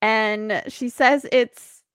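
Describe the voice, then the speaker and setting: A woman co-hosting a podcast, recapping an episode in expressive casual chat and laughing often. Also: fairly high pitch, drawn-out words, smooth, dry recording, clean studio sound. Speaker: podcast co-host.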